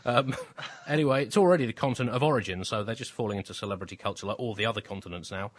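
A man's voice: lowish voice, racing. A man co-hosting a comedy podcast, delivering dry, wry asides in casual banter. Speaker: co-host.

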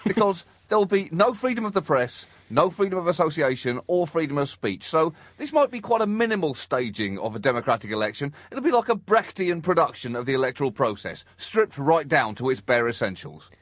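A man's voice: a little high, very animated, brisk, hardly any pauses, fairly bright tone, dry recording. A man co-hosting a comedy podcast, riffing with wry, mock-indignant satire.

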